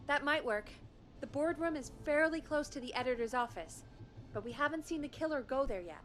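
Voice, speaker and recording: An actress playing a steady, reassuring woman producer in a video game. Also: sits high, fairly quick, faint music behind.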